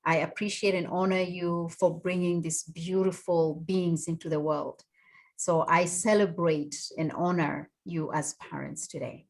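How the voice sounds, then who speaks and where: A woman hosting a radio talk show, speaking in an affirming way with a few restarts. Her voice sits a little low. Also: level tone, unhurried. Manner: warm, affirming, with fillers and restarts. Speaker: host.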